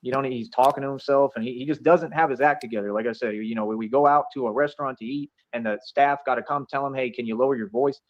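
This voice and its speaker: A man rants quickly on a livestream, boastful and accusatory, circling back over the same points. His voice has a middling pitch and comes through slightly muffled stream audio. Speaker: streamer being reviewed. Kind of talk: rambling livestream rant.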